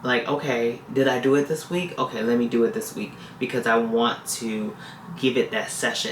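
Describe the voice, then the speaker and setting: A woman vlogging casually in a roomy, echoing space, her voice bright and forceful. She rambles and repeats herself as she speaks directly to her viewers. A light hiss sits under the recording. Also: rumbling low. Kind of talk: casual confessional vlog talk. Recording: echoey room with faint hiss.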